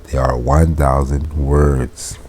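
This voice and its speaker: A man giving a casual Latin lesson. He reads Latin phrases slowly, then explains them in plain, informal English. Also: very deep voice, level tone, darkish tone, slight background noise. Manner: informal, chuckles while explaining. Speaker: Latin teacher.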